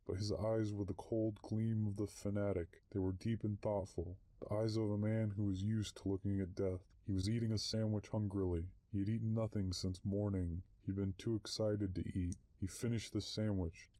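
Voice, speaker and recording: A man narrating short stories in a measured, unhurried reading. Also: on the low side, dark tone, no room sound. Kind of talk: audiobook story reading.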